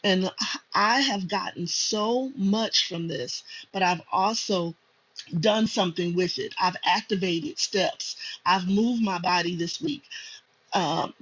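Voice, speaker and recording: High-voiced man giving a pep talk. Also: a bit bright, dull audio. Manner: rousing, preachy. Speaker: motivational speaker.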